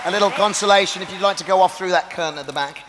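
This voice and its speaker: A man hosting a convention panel on stage, wry and brisk as he announces each step. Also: sits high. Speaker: panel host. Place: large convention hall stage with a live audience. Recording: long hall reverb, loud crowd and noise.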